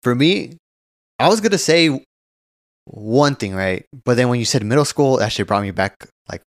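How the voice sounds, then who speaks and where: A man's voice: medium pitch, normal speed, no echo, studio quality. A man co-hosting a casual podcast, telling a long childhood story with lots of swearing and acted-out quotes. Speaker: podcast co-host.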